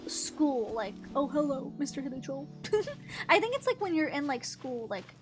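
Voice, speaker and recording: A young woman chats while she plays a game on stream, her voice pitched high and bright. She rambles from thought to thought, giggling and dropping casual swears. Soft game music sits faintly behind her. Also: big pitch swings, measured pace. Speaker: gaming streamer. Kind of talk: casual chat while gaming.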